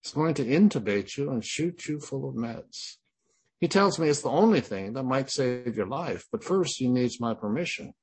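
A man's voice: medium pitch, expressive, normal speed, darkish tone, slightly rough, pitched above the performer's own voice. A man voicing his fierce, persistent wife, who recounts events in a firm, matter-of-fact way. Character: fierce, persistent wife in her later years.

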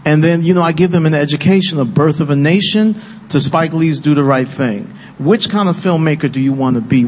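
A man speaking passionately and earnestly on a film panel, getting emotional as he talks. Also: fairly high pitch. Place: event hall with live audience. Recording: long-reverb hall with faint noise.

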